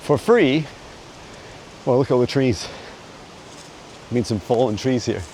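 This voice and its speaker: A man's voice: medium pitch, normal speed, a little hiss or hum, low-quality recording. Chatty man vlogging on a forest walk. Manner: chatty and meandering, with frequent soft laughs. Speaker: psychic mentor answering viewer questions. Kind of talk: casual walking vlog. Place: forest outdoors. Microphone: handheld phone camera while walking a dog.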